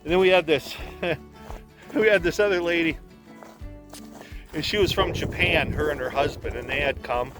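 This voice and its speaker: Man from wisconsin rambling thru a story, slightly high voice, keeps restarting. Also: moderate pace, long pauses, a bit bright, faint music behind. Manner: rambling, repeats words as he restarts. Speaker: homesteader and former sled dog guide. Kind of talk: casual storytelling.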